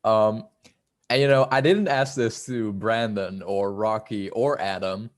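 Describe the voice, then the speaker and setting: A man's voice: lowish voice, a little slow. A man hosting a casual interview, upbeat and affirming. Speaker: interview host.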